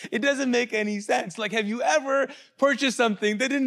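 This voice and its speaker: A middle-aged male pastor preaching a sermon, animated, asking the crowd questions and acting out quotes. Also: very high-pitched, a little fast, vocal fry.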